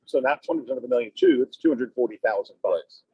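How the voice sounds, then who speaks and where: A man's voice: sing-song, quick pace, gravelly, slightly rough, dry recording. A man, a real estate broker, coaching his team in a meeting with leading questions. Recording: muffled low-fidelity audio.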